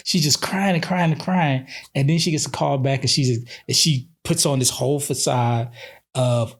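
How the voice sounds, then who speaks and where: Animated man retelling a movie. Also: on the high side, normal speed, slightly rough. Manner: animated storyteller, retells scenes with quoted voices. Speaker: podcast host. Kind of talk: casual movie review chat.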